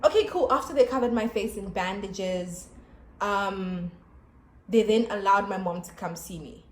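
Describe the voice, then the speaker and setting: A young woman with a South African accent, telling viewers a painful personal story in an animated, emotional way and often calling them "guys". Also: medium pitch, a little slow, roomy sound, poor audio. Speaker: YouTuber. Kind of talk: storytime vlog. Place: home by a busy road.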